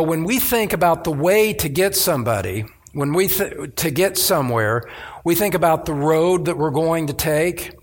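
Pastor, male, slightly high voice; emphatic sermon delivery with restarts. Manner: emphatic preaching with repeated restarts.

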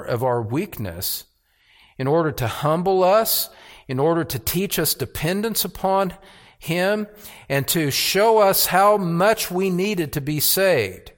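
A man preaching a sermon as pastor, earnest, with repeated words and rhetorical questions. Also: on the high side.

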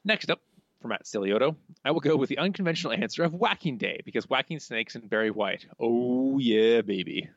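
Male podcast co-host, middle pitch, reads listener mail with chuckling asides; dry, slightly dull recording. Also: very animated, fast talker, fairly bright tone, dry recording. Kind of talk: casual podcast chat reading listener answers.

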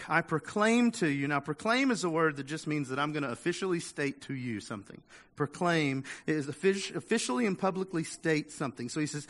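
Bright-voiced male pastor preaching casually. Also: on the high side. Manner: conversational preaching, acts out quoted voices, repeats words. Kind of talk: sermon.

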